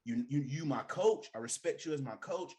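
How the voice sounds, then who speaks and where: Young adult man, sports talk co-host: emphatic, slangy, animated, lots of pitch swings. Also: normal speed. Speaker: podcast co-host. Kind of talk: casual sports debate.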